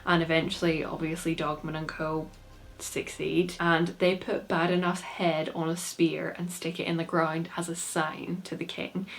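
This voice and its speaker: Young woman, casual chatty book recap, lots of "like", voice a touch low. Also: little pitch movement, normal speed. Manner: chatty, peppered with "like". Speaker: book reviewer.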